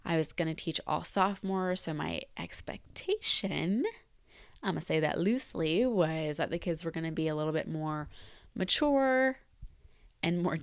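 A woman's voice: lowish voice, clear, resonant tone, no room sound. A woman in her twenties, a teacher, talking candidly and reflectively about her job in a personal vlog, repeating words for emphasis. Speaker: teacher leaving the profession.

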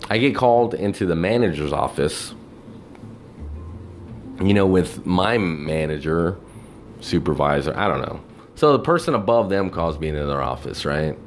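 A man telling a profane, exasperated story about his job in a casual rant, acting out the people he quotes. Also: sits low. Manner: animated, mimics people in quotes.

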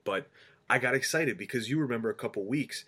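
A man's voice: mid-range voice, brisk, breathy edge. A man co-hosting a casual sports podcast, who tells stories animatedly and acts out what people said. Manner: animated storyteller, acts out quotes. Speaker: podcast co-host.

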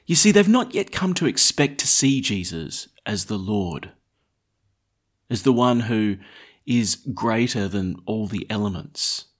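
A man priest reading the gospel aloud and then preaching in a conversational, lively way. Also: lowish voice, unhurried.

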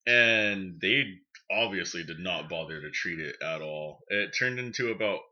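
A man's voice: sits low, normal speed, sharp tone, highs cut off. A man in his twenties co-hosting a podcast, chatting casually, crude and joking, laughing often. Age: 20s. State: recovering from a cough. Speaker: podcast co-host. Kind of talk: casual chat.

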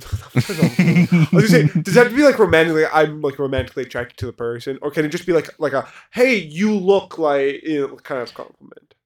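A man's voice: on the high side, fast talker, dry recording, clean studio sound. A young man co-hosting a podcast, telling rambling stories in casual chat and swearing often. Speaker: podcast co-host.

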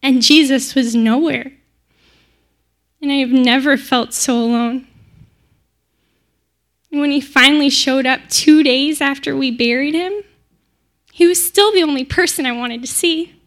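A woman plays a devoted young disciple telling her story in a heartfelt, chatty dramatic monologue. Her voice is high and bright. The delivery is direct, as if she were speaking to listeners in the room. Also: a little slow, pauses often. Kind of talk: first-person dramatic monologue.

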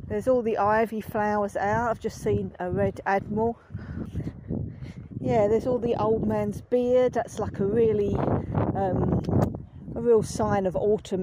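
A woman strolls outdoors and talks about the birds and plants around her in a loose, hesitant way full of ums, breaking into delighted outbursts. Her voice sits at an ordinary pitch for a woman. Heavy wind noise roars over the recording. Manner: chatty, hesitant with many ums, sudden delighted exclamations. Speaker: nature walk guide. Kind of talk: casual walking nature commentary. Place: outdoors on a windy nature reserve.

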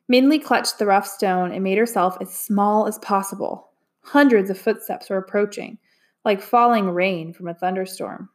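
A woman narrating a storybook in a calm, even way. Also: mid-range voice, moderate pace. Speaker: audiobook narrator. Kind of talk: storybook reading.

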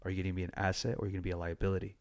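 Brief: young male podcast host, lowish voice, blunt and profane, animated storyteller. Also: racing. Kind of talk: casual chat.

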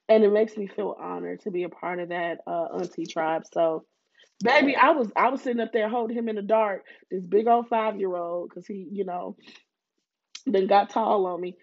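A woman's voice: on the low side, creaky, highs cut off. A woman, hosting a podcast in a casual, heartfelt way and calling listeners baby and honey. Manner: chatty and heartfelt, many fillers, calls listeners baby and honey. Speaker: podcast host. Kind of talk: casual solo chat.

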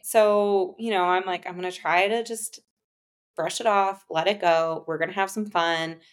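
Her voice is fairly low, with fairly even intonation and a moderate pace, as this young guest recounts a personal story in a casual way. She uses lots of fillers like "like" and acts out the dialogue from both sides of earlier exchanges.

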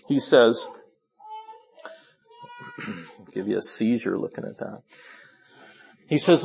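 A man preaching a sermon who drops into low, quiet asides and then rises into pleading, emphatic lines, sometimes restarting and apologizing for rushing. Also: gravelly, husky.

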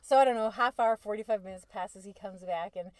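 A woman's voice: medium pitch, fairly quick, a little mellow, no echo. A woman in her thirties telling a story in casual chat, blunt and profane, laughing often as she talks.

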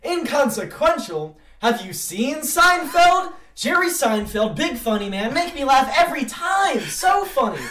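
Shrill, yelling demon raving in broken English, recorded roomy and far off. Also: male voice, big pitch swings, unhurried, hardly any pauses, slight background noise, exaggerated voice. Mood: manic raving. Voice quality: shrill, yelling, over the top. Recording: roomy sound from a distant mic.

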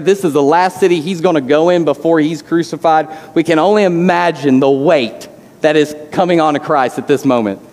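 A man's voice: a little high, darkish tone, long reverb tail. A man preaching a sermon as a pastor, earnest, often repeating words as he starts a phrase. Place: church sanctuary.

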